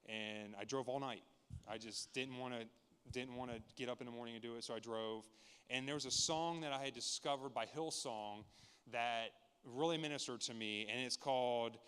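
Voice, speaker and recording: A man's voice: medium pitch, a bit bright, clean tone. A man in his thirties sharing a candid, earnest personal testimony with a church congregation, often restarting his sentences as he tells the story. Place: large church sanctuary. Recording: long reverb of a church hall.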